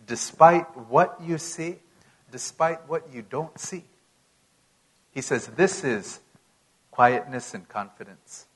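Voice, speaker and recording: A male preacher delivers a sermon in an unhurried, measured way. His voice sits somewhat high for a man. He leans hard on key phrases, then drops to a near hush. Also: animated, husky, poor audio. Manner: unhurried, emphatic preaching with sudden loud and soft swings.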